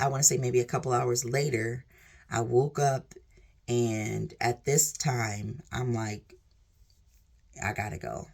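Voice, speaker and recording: A woman's voice: rumbling low, creaky, darkish tone. A woman vlogger sharing a personal testimony in an earnest, rambling way, leaning on "like" and "literally". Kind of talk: emotional personal storytelling.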